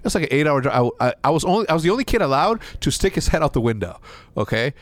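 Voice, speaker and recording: A man's voice: a little high, very animated, rapid-fire, no room sound. A young man from Mexico telling a story in casual chat, rambling with restarts and a lot of swearing. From Mexico (Juárez). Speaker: podcast guest.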